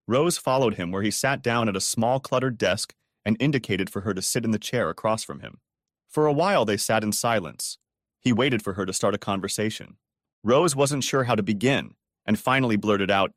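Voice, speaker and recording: A man's voice: on the low side, a little fast, no room sound, clean studio sound. A man narrating a dramatic storybook audio reading.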